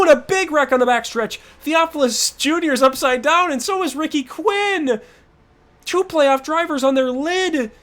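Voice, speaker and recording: A young man giving play-by-play commentary on a sim racing league, his voice leaping high and loud whenever a crash happens. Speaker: race commentator.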